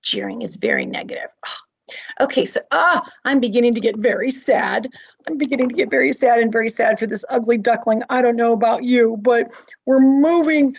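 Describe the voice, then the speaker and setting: A woman's voice: on the high side, brisk, gravelly, husky, lo-fi sound. A woman teacher reading a play aloud, explaining with dramatic emphasis and repetition. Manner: expressive, dramatic, repeats key points. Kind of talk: read-aloud lesson.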